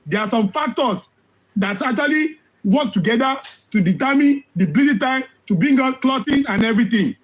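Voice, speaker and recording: A man giving impassioned commentary, hoarse from losing his voice, firing off rhetorical questions and repeating phrases for emphasis. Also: very high-pitched, animated, normal speed, low-quality recording. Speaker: social commentator.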